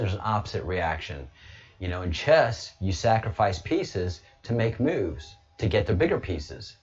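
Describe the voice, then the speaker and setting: A lower-voiced man chatting casually as a guest on an online show. He rambles, jokes and restarts often, and turns boastful and provocative. The audio sounds dull and lo-fi. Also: breathy edge. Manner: rambling and joking, with many restarts. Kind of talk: casual chat.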